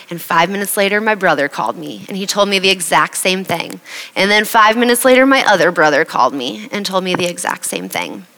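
A young woman from Iowa giving an earnest, emotional personal faith testimony at a slow, heartfelt pace. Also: on the low side, creaky, a bit bright, long reverb tail, poor audio. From Iowa, USA.

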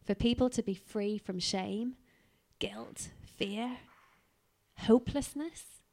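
A woman's voice: medium pitch, takes it slowly, a little mellow. A woman preacher voicing Jesus as a resolute, loving grown man, speaking in earnest, emphatic lists.

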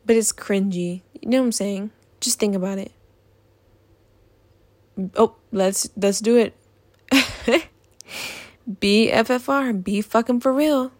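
A woman's voice: on the high side, takes it slowly, pauses often, no room sound. A young woman in a casual vlog, ranting in an exasperated, profane way about things that annoy her. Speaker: vlogger.

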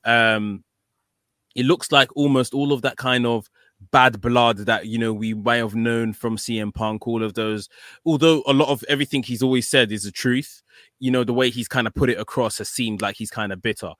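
A man hosts a casual podcast in a mid-pitched, bright voice. He talks in an emotional, gushing way and stumbles over repeated words when excited. The recording is dry. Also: normal speed, dry recording. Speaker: podcast host.

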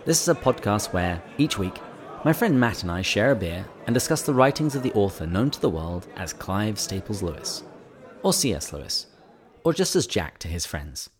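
This is a man, co-hosting a relaxed podcast conversation. His voice sits quite low, and his delivery is wry and playful. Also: normal speed, a faint crowd. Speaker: podcast co-host. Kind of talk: casual podcast chat.

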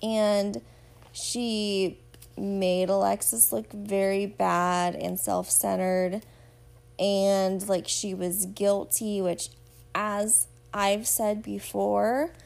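A woman's voice: mid-range voice, creaky, darkish tone. A woman hosting a podcast, chatting casually and gushingly as she recaps a show and talks straight to her listeners. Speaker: podcast host.

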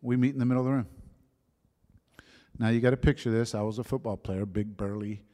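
A man's voice: mid-range voice, steady tone, brisk. Man preaching a testimony in a reverberant hall. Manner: storytelling, drops to soft whispers at emotional moments. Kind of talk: sermon testimony.

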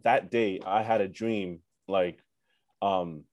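Young male guest, low-pitched, casual slangy storyteller, dry close sound. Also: fairly even intonation, slow pace, darkish tone, dry recording, muffled recording. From Canada. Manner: laid-back slangy talk with many fillers and profanity. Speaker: musician guest.

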